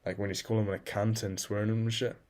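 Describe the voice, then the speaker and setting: A man's voice: lowish voice, little pitch movement, quick pace, darkish tone. A man keeping a casual video journal, bluntly and profanely telling himself off in the second person. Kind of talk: casual self-talk journal.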